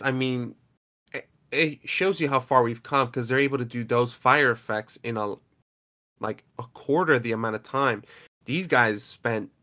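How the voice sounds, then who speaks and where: A man's voice: mid-range voice, sharp tone. A man co-hosting a podcast, talking casually and animatedly about a film and swearing now and then. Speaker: podcast co-host. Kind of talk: casual movie discussion.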